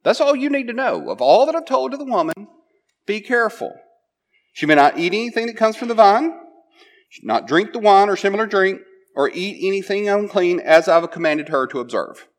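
Conversational male preacher, slightly high voice. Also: expressive, normal speed, pauses often. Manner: conversational, often asks "right?" and restarts phrases. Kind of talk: sermon, retelling a Bible passage.

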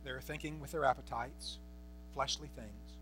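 A man's voice: mid-range voice, normal speed, fairly bright tone, soft background music. A man preaching a Bible-teaching sermon, emphatic, repeating phrases and asking rhetorical questions. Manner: asks the congregation rhetorical questions.

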